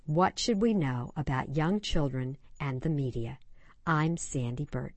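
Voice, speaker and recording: A woman co-hosting a talk show, reading a short story aloud in an expressive, dramatic way. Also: deep voice, a little slow, no room sound. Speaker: radio show co-host. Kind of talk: scripted storytelling.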